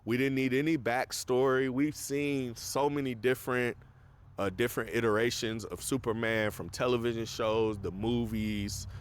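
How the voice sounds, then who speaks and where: A man's voice: mid-range voice, steady tone, moderate pace, smooth. A man hosting a casual film review, recapping the plot in a loose, rambling way with lots of fillers and popping his voice up to act out quoted lines. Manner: acts out quoted lines in a raised voice.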